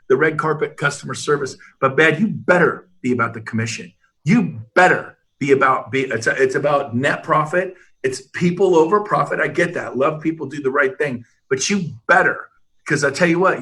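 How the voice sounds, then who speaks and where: A man's voice: fairly high pitch, fairly bright tone. A man on a video call giving an emphatic, motivational panel talk full of stories, often restarting his sentences. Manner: emphatic, fired-up, rambling with restarts. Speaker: real estate brokerage leader, panel host.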